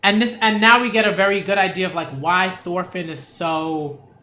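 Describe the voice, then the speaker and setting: A man's voice: high-pitched, fairly even intonation, moderate pace, pushed and bright, reverberant. A man reviewing manga in a casual read-along, rambling with many fillers and restarts.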